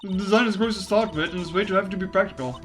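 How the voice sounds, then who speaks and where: A streamer voicing an excitable, chatty young woman sidekick in a game. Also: medium pitch, racing, faint music behind, natural voice. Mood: excited. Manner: excited, bouncy.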